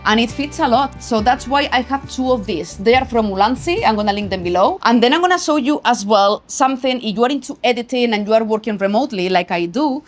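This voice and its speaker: A woman's voice: on the high side, animated, quick pace, few pauses, faint music behind. Chatty Spanish-accented woman vlogger. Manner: chatty, emphatic, tags lines with "okay?". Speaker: photography vlogger. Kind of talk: casual travel gear vlog. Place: travel location.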